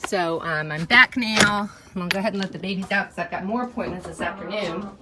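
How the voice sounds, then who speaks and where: A woman's voice: medium pitch, fast. A chatty, cheerful woman, vlogging outdoors by her chicken coop. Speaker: homesteading vlogger. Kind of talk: casual vlog chat. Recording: loud outdoor noise behind.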